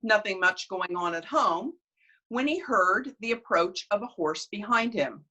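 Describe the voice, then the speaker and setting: A woman storyteller with a bright, ringing voice. Her pitch rises and falls widely as she tells family tales and folk tales expressively. She narrates with lively energy. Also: a little slow. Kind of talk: storytelling performance.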